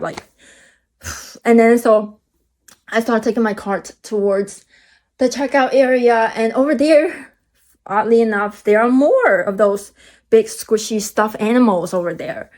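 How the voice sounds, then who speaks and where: A young woman recounts a story in a loose, rambling vlog style. Her voice sits a little high and is full of fillers and restarts. She swings into bursts of animated, high-pitched energy. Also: normal speed. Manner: animated, jumps high when excited. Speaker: vlogger.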